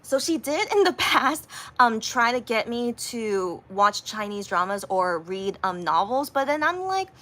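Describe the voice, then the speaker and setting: A woman chatting casually to her viewers, rambling through a story with lots of fillers and restarts, and acting out quotes in a higher voice. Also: unhurried. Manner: animated, acts out quotes in a higher voice. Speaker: livestreamer.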